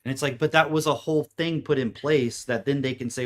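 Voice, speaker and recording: Animated man on a podcast. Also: mid-range voice. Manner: animated, acts out other people's lines in quick put-on voices, swears freely. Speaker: podcast co-host. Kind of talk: casual podcast chat.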